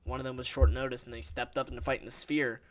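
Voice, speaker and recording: In a vlog, an MMA fight analyst delivers a casual, blunt fight prediction, swearing freely and voicing strong opinions. His voice is medium-pitched, flat and very fast.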